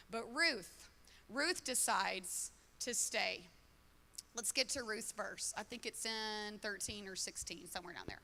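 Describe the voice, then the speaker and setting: Woman pastor, high bright voice, chatty sermon in a reverberant church. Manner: conversational preaching with quoted dialogue. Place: church auditorium. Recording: long hall reverb.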